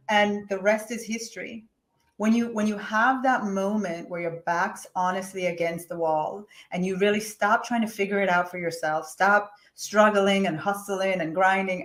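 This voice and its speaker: A woman speaking in the middle of her range tells her story frankly and with emphasis. She swings dramatically between quiet, heavy moments and forceful outbursts. The recording has a lot of room echo. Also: mid-range voice, steady tone, moderate pace. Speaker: guest, business coach. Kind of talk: personal storytelling in an interview. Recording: echoey room.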